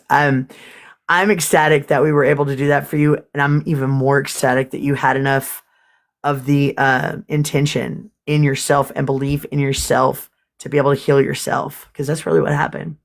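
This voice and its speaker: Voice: mid-range voice, creaky. A livestream host chatting casually with viewers, swearing freely and getting emotional.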